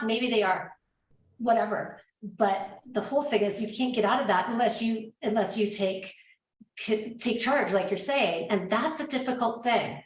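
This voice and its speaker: A woman hosting an interview, thoughtful and searching for her words as she talks. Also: medium pitch. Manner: thoughtful, rambling with restarts. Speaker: podcast host. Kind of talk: conversational interview. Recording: roomy echo.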